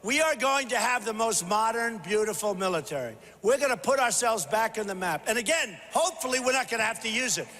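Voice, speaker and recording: An older man giving a punchy, repetitive rally speech to a large crowd, often shouting. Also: high-pitched, expressive, a little fast, hardly any pauses. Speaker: political candidate at a rally. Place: large convention hall. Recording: echoey hall with faint crowd.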